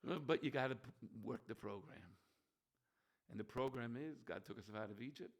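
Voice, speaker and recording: A man preaching a holiday sermon as a rabbi, animated, swinging between shouting and soft near-whispers. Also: mid-range voice, normal speed. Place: room with bookshelves.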